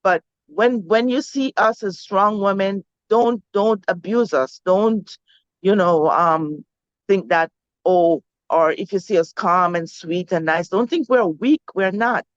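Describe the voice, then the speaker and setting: A woman with a Jamaican accent reflects on a quote in a calm, measured way. Her voice sits at a middle pitch, and the sound is dry, dull and lo-fi. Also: no room sound. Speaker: co-host. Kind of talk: reflective talk.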